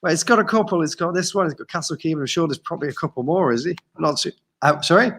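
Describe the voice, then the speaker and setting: A man's voice: fairly high pitch, animated, fast talker, a bit bright. A man co-hosting a live paranormal show from inside a castle, bantering playfully in casual chat. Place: indoors in a castle room by a fire.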